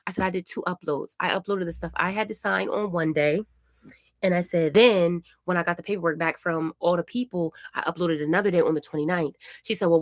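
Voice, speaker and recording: Mom vlogger at home, lower voice, talks animated and chatty, acts out what everybody said, dry sound. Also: female voice, dry recording. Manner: animated, chatty retelling with acted-out quotes. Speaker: family vlogger, mother. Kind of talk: casual vlog storytelling.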